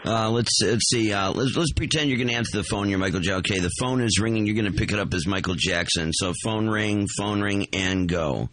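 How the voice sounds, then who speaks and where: A man's voice: fairly low pitch, a little fast, hardly any pauses, fairly bright tone. A man co-hosting a radio show, teasing a caller in playful banter. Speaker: radio co-host.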